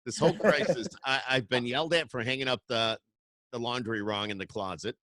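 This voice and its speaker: A man's voice: mid-range voice, fairly quick, bright, forceful tone, no echo. A man hosting a casual podcast interview over a video call, joking around with frequent stammered restarts. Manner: jokey, rambling, with stammered restarts. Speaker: podcast host.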